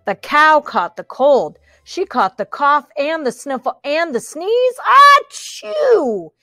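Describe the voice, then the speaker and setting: A woman reading a picture book aloud to children, animated, with chatty asides and playful sound effects. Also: high voice, a little slow, no echo, clean studio sound, faint music behind. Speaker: storybook reader.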